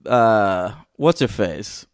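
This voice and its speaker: A man co-hosting a film podcast in casual chat, excitable and swearing, teasing his co-host. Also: fairly low pitch, extremely slow, clear, resonant tone, dry recording, studio quality.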